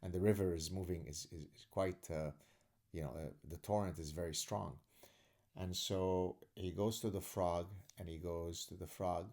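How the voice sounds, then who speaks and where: A man hosting his own podcast, venting in a sarcastic, emphatic monologue. His voice sits fairly low and swings between dry mockery and indignant stress. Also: fairly even intonation, moderate pace, a little mellow. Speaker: podcast host. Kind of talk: live audio room monologue rant.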